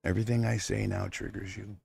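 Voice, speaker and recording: Gravelly, husky middle-aged man streaming. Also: on the low side, level tone, a little fast, a little mellow, no echo, studio quality. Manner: rambling, heartfelt, addresses his absent wife directly. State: near tears. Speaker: livestream host. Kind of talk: unscripted emotional monologue.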